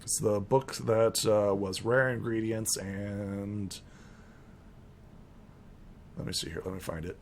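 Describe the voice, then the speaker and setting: A man's voice: fairly low pitch, fairly even intonation, slow, pauses often, darkish tone, slight background noise. A man narrating a tabletop role-playing game as game master, rambling with many fillers.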